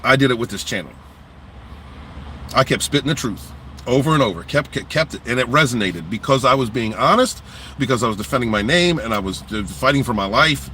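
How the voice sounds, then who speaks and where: A man's voice: medium pitch, expressive, a little fast, pushed and bright, a little hiss or hum. A man hosting his own channel, giving a casual motivational monologue in a blunt, profane way, with frequent restarts and phrases repeated for emphasis. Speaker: channel host.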